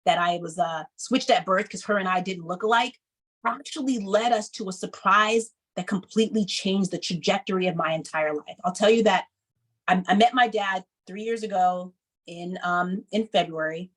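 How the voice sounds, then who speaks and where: Woman, thirties, personal storytelling, animated, acts out quotes, mid-pitched voice. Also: normal speed, low-quality recording. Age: 30s. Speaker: speaker. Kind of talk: personal story told to an audience.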